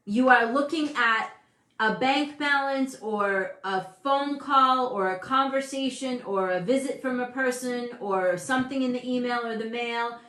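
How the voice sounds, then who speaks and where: A woman in her fifties hosting a casual motivational talk, animated and emphatic, often breaking off mid-sentence. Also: a little high, unhurried. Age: 50s. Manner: animated, emphatic, self-interrupting. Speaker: host. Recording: echoey room.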